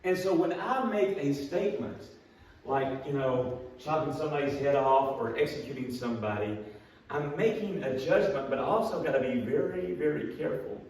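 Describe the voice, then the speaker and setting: A man's voice: fairly high pitch, moderate pace, darkish tone, slight background noise. Folksy man teaching Bible class. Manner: folksy, plainspoken, self-deprecating. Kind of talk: storytelling Bible class lesson. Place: church classroom. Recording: echoey room, mic far off.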